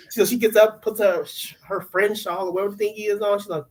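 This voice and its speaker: A woman co-hosting a casual recap podcast, telling the story in a lively, animated way and acting out what the cast said. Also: mid-range voice, a little fast, hardly any pauses, a little hiss or hum, low-quality recording. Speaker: podcast co-host.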